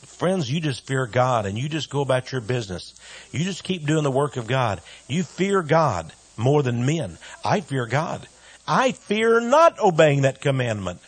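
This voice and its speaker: A man preaching a radio sermon with great emphasis, dropping to soft asides and rising to loud cries, sometimes mimicking his critics in mocking voices. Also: medium pitch, big pitch swings, measured pace, slightly rough, dry recording.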